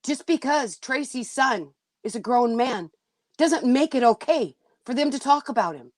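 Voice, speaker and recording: A woman's voice: sits high, animated, a little slow, darkish tone, no room sound. A woman hosting a livestream, venting bluntly and indignantly to her chat, cursing now and then. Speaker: livestream host.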